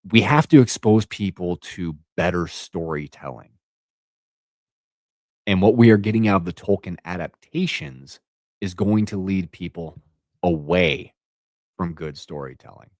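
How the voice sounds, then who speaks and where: A man's voice: low-pitched, lively intonation, measured pace, long pauses, darkish tone, no room sound. A man in his thirties, a content creator, giving an unscripted, exasperated rant and repeating words for emphasis. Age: 30s.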